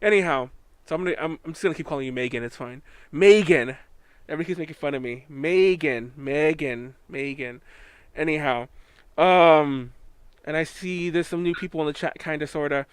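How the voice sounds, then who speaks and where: A man's voice: fairly high pitch, a little fast, smooth, no echo. Rambling Californian podcast host, a man. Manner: rambling, with many fillers and self-corrections. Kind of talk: casual chat.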